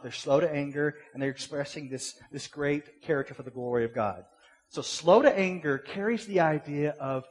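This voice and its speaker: A man's voice: a little high, breathy edge. A middle-aged man, preaching a sermon in a casual, conversational way, full of rhetorical questions and repeated words. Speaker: pastor. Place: church sanctuary. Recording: long hall reverb.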